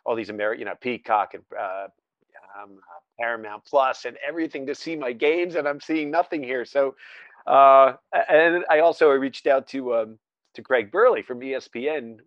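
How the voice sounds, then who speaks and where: A man's voice: mid-range voice, moderate pace, dry recording, muffled recording. A man hosting a podcast in a loose, conversational way. His voice sits in a middle register and sounds close and dry, with no room around it. He tells long stories full of restarts and fillers. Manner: rambling, self-interrupting storyteller with many fillers. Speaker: podcast host. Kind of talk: casual chat. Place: Scotland.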